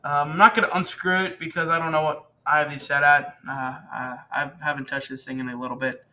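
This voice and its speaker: A man's voice: on the high side, steady tone, brisk, pushed and bright. A teenage boy hosting a casual how-to, rambling and chatty as he works at a home workbench, often correcting himself. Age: teens. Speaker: channel host demonstrating repair.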